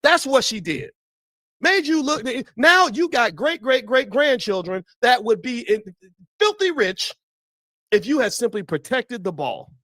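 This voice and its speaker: A man's voice: very high voice, very animated, measured pace, a bit bright, no echo, studio quality. A man giving impassioned, preachy opinion commentary while talking straight to his viewers.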